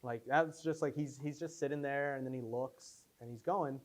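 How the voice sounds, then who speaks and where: A filmmaker fields audience questions in a screening room during a casual post-screening Q&A. He has a mid-range male voice at normal speed and comes across as rambling and animated, telling anecdotes full of fillers and acting out quotes.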